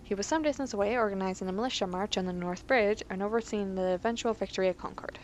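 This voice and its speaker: A woman casually reads game lore aloud, stumbling on words and breaking off for wry asides. Her voice sits at a middling pitch over a faint hum in the background. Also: fast talker, darkish tone. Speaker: let's play host. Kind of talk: casual gameplay commentary.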